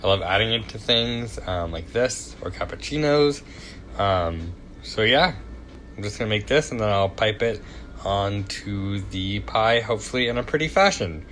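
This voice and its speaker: A man's voice: fairly low pitch, expressive, normal speed, fairly bright tone, slight background noise. A young man hosting a casual home cooking demonstration, chatty and self-deprecating, with loose fillers and asides as he works. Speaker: cooking show host. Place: home kitchen.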